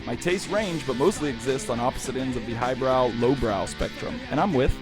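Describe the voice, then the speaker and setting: A man's voice: mid-range voice, a little fast, over music. A man co-hosting a film podcast in loose, jokey casual chat, laughing often. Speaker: podcast co-host.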